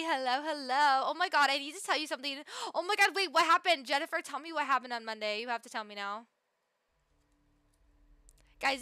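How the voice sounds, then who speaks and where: A woman's voice: high-pitched, pushed and bright, no echo. A young woman live-streaming a video game, bubbly and chatty, greeting viewers by name and reacting to the game with gasps. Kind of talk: live gaming stream chat.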